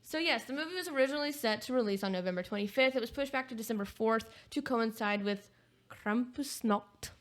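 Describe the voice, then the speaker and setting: A woman with an American accent, co-hosting a podcast in casual chat, chatty and quick to laugh. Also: fairly high pitch. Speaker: podcast co-host.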